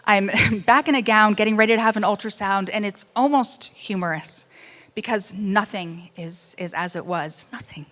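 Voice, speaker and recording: A woman speaks about her life in an emotional first-person storytelling speech. Her voice sits at an ordinary middle pitch. She swings from bursts of loudness to near-hushed lines and slips dry humor into serious moments. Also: normal speed. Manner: animated, swings between loud outbursts and hushed moments. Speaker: speaker giving personal testimony.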